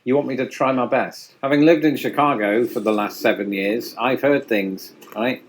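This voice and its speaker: A man's voice: medium pitch, moderate pace. A man presenting a scripted explainer video in a wry, self-deprecating tone, heard as a clip played in a reaction video. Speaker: YouTube presenter.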